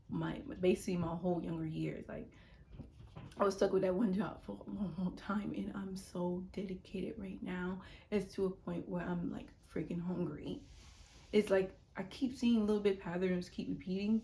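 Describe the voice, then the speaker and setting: A woman's voice: fairly low pitch, a little mellow, slight background noise. A young adult woman talking casually to camera in a rambling self-help monologue, repeating words and sometimes dropping to a whisper. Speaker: YouTuber.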